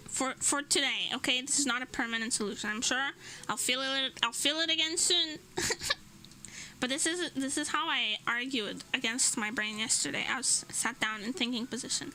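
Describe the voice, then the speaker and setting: A woman's voice: high voice, normal speed, sharp tone, a little hiss or hum, rough recording. A woman streamer chatting casually while she draws, laughing between almost every phrase. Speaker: streamer and illustrator.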